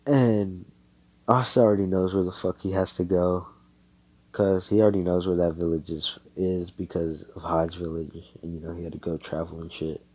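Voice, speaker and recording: A man's voice: deep voice, little pitch movement, a little fast, darkish tone, muffled recording. A man casually retelling a fan story, rambling and cussing with lots of filler words.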